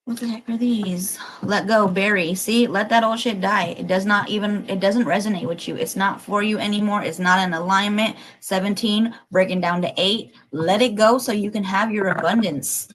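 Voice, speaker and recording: A woman reads tarot cards for a live audience in a mid-pitched voice, pressing her points with blunt, encouraging insistence. She is emotional and casual, and drops in swear words as she urges listeners on. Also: fairly even intonation, normal speed, hardly any pauses, fairly bright tone, poor audio. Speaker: tarot reader. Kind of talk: livestreamed collective card reading.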